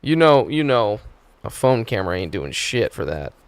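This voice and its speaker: A man's voice: on the low side, big pitch swings, normal speed, clear, resonant tone, no echo. A man hosting a live stream, chatting casually and swearing often as he reacts to clips. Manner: profane, laid-back, laughing. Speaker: streamer host.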